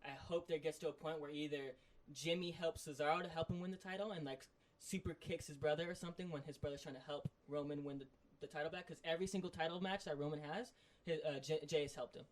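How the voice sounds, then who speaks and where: A man co-hosting a podcast, excitedly recapping a story in a loose, rambling way full of fillers. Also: on the high side, fast talker. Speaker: podcast co-host. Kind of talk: casual chat.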